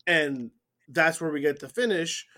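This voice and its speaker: Fairly high-voiced man retelling a match. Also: a little slow. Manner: animated blow-by-blow storytelling. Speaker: wrestling podcast co-host. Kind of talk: casual chat recapping a wrestling match.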